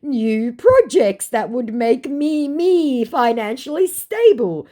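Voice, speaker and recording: Lady doing a broke fake celebrity guy, wheedling broken english, high and slow. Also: very animated, dark tone, exaggerated voice. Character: broke male scammer posing as a celebrity.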